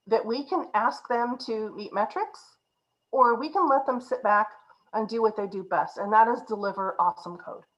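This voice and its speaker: At a conference, a woman who coaches teams on agile practice tells a story and acts out the people she quotes, peppering it with "right?" and "you know." Her voice sits at a medium pitch, and the recording has its high frequencies cut off.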